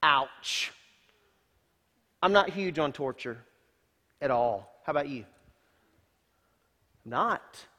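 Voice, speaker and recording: A senior pastor preaching a sermon and reading scripture aloud, in a folksy, emphatic way that swings between loud and hushed. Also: male voice, fairly high pitch, animated, very slow, long pauses. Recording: long hall reverb.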